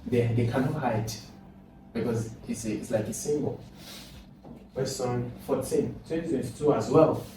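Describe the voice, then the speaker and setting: A man's voice: mid-range voice, moderate pace. Man teaching in an echoey room. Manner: explains step by step, repeats words, asks questions aloud. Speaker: exam tutor. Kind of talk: recorded lesson. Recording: very echoey room, distant mic, noisy.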